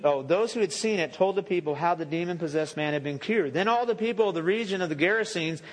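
A male pastor delivers a casual, chatty sermon full of asides and restarts. His voice sits a little high for a man. It rings out with a long reverb in a church sanctuary. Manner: conversational, joking asides and self-corrections.

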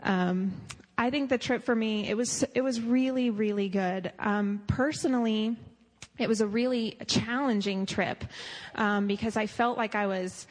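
A woman youth leader sharing a church trip testimony in a lively, casual way. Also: mid-range voice, unhurried, big-room sound.

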